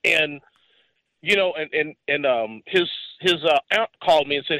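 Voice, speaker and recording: A man's voice: fairly high pitch, normal speed, sharp tone, no echo, low-quality recording. A man in his forties telling a story in casual chat, rambling and acting out the voices of the people he quotes. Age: 40s.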